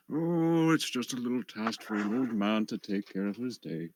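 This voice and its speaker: A woman voicing a polite, gentle retired old male police detective who chuckles softly. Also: rumbling low, noisy background, pitched below the performer's own voice, heavily acted.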